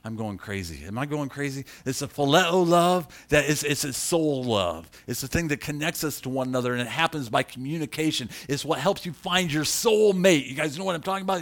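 A man preaching a sermon as pastor, animated, rising loud for emphasis and slowing down to stress key lines, with chatty asides to the congregation. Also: on the high side.

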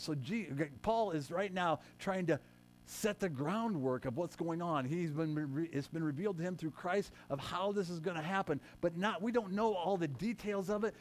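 Animated man preaching a sermon. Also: on the high side, a little hiss or hum. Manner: animated preaching, swings loud and soft, self-correcting asides. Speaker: pastor.

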